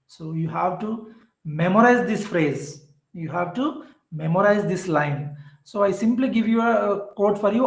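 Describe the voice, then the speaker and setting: A man from southern India gives an exam-prep literature lecture, explaining patiently and repetitively with frequent "uh" fillers. His voice is high and unhurried. The room echoes and the audio quality is poor.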